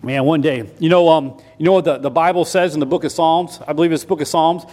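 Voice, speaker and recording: A man preaching a sermon in a folksy, repetitive way, switching between loud emphasis and quiet asides. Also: on the high side, steady tone, fast. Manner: folksy, repeats himself with restarts.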